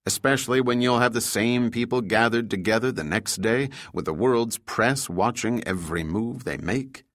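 A man's voice: medium pitch, normal speed, no room sound, studio quality, lightly acted. A male narrator voicing a stern senior intelligence official who speaks firmly and commandingly. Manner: firm, commanding, shouting when crossed.

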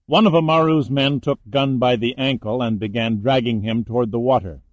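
A man reading a thriller novel aloud in measured, dramatic narration. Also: mid-range voice, no echo, highs cut off. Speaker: audiobook narrator. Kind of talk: scripted narration.

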